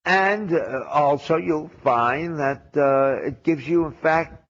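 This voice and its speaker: A man's voice: on the high side, takes it slowly. A man giving a sermon as a rabbi, wry and sarcastic, asking rhetorical questions. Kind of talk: sermon on the weekly Torah portion. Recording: dull lo-fi old recording.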